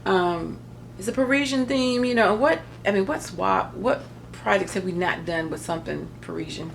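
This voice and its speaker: Middle-aged lady rambling thru a craft haul, kinda gravelly voice, faint hiss behind. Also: mid-range voice, moderate pace. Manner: chatty, rambling, self-joking asides. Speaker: crafting vlogger. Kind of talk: casual haul show-and-tell.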